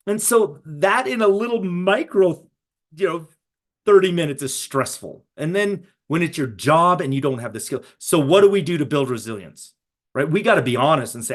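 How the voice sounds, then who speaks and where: A man's voice: on the high side, lively intonation, moderate pace. A middle-aged man presenting a live webinar to educators over a video call, talking conversationally and often checking in with "right?".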